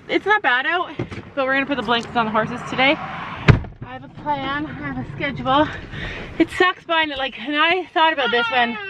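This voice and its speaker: A middle-aged woman chatting casually in a vlog, mother and horse owner, switching to a high baby voice for her pets. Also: highs cut off, background noise. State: out of breath.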